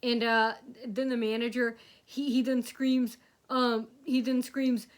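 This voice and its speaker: A woman's voice: a little high, flat delivery, slow pace. A young woman telling a long rambling story to camera, acting out other people's lines. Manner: rambling, acts out quotes in a loud shouting voice. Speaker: vlogger. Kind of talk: casual storytelling monologue.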